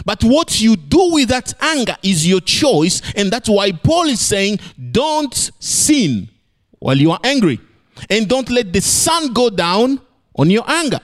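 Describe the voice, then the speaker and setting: He delivers a sermon at a moderate pace, animated and playful, moving from high exclamations down to low lines of emphasis.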